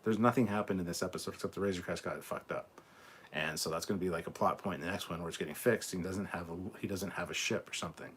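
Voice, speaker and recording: A man's voice: low-pitched, quick pace, fairly bright tone, breathy edge. A Scottish man hosting a casual live reaction stream, reading out viewer comments in a laid-back, chatty way and swearing freely. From Scotland.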